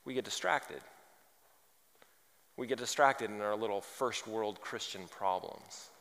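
A man preaching a sermon, telling funny stories and building to loud, emphatic points. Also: on the low side, a little slow. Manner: animated, humorous, rising to loud emphasis. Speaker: pastor. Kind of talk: sermon with storytelling. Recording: reverberant large hall.

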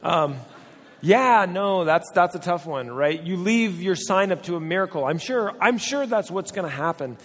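A man's voice: sits high, lively intonation, moderate pace, fairly bright tone. A man preaching a sermon as a pastor, talking in a conversational, joking way and acting out the voices he quotes. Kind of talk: humorous sermon. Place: church hall. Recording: long reverb from a hall.

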